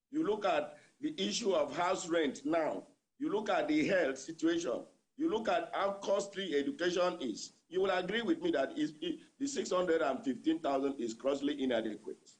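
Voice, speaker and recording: A man's voice: a little high, expressive, moderate pace. A man with a Nigerian accent, a labour union leader answering a news interviewer by remote line, repeating his points for emphasis.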